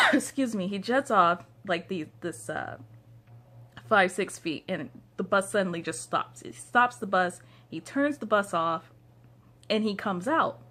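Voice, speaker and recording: A woman's voice: mid-range voice, lively intonation, unhurried, sharp tone. A young woman vlogger telling a casual story from home into her phone, rambling with lots of "like" fillers. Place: downstairs room at home.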